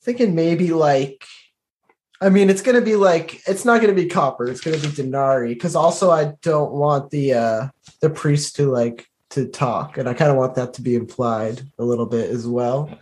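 A man's voice: mid-range voice, normal speed, darkish tone, slight background noise. A man playing a knight in a tabletop game, talking hesitantly with many fillers and restarts. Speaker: player. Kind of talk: tabletop role-play, describing his knight.

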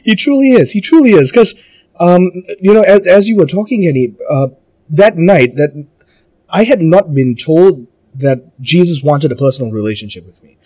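A man with a Malaysian accent who is a guest in an interview, speaking in an animated way, repeating words and laughing easily. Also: a little high, moderate pace. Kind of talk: conversational interview.

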